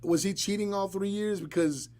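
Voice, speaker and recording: A man's voice: high-pitched, normal speed. A man hosting a live podcast, chatting casually and bluntly with joking asides. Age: adult, married. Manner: blunt, joking, animated storytelling. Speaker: podcast host.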